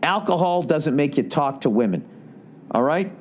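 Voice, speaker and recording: A man's voice: fairly high pitch, animated, normal speed, slight background noise. A man hosting a podcast, reading listener letters aloud and giving blunt, profane advice with rambling asides. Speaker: podcast host.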